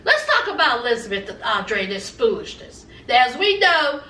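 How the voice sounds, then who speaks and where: A woman's voice: on the high side, sing-song, moderate pace, pushed and bright, slight background noise. A woman giving a sassy, gossipy recap of a reality show, acting out the cast's lines. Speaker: recap vlogger. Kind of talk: casual TV recap commentary. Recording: echoey room, mic at a distance.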